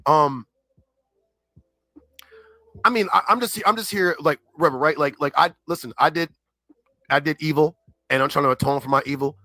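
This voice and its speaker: A man's voice: a little high, moderate pace, long pauses, sharp tone, dry recording, low-quality recording. A man chatting casually on a livestream, rambling in slang and packing his talk with filler words. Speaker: livestream regular reading chat.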